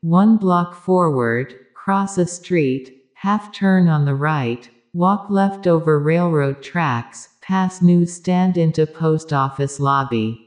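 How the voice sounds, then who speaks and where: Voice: medium pitch, slow, few pauses, close to an everyday voice. A speaker putting on a brusque barking Berlin man. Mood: clipped. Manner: barking, clipped orders.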